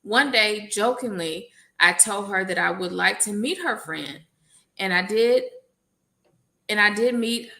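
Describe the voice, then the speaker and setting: Woman reading a letter out on a live panel, bright crisp voice, jokes in between. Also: mid-range voice, a little slow. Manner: adds playful asides while reading. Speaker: educator.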